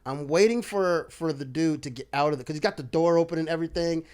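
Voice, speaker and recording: A man's voice: a little high, fast talker, clean tone. A man guesting on a comedy podcast, telling a rambling story and swearing a lot. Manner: rambling, animated, laughs through his story, swears a lot.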